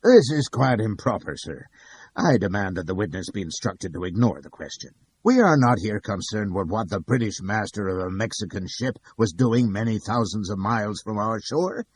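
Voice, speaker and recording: A man voicing a formal, measured male defense counsel objecting in court, with a husky voice. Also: on the low side, lively intonation, slight background noise, close to an everyday voice. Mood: formal protest.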